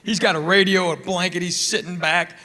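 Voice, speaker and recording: A man doing a stand-up routine on a theater stage, telling stories with animated punchlines. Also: sits high, brisk. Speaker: stand-up comedian. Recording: reverberant theater sound.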